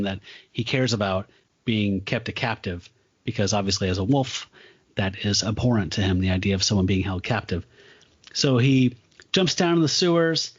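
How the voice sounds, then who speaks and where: A man's voice: mid-range voice, muffled recording. A man co-hosting a comic book podcast, recapping panels with rambling enthusiasm. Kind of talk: casual chat.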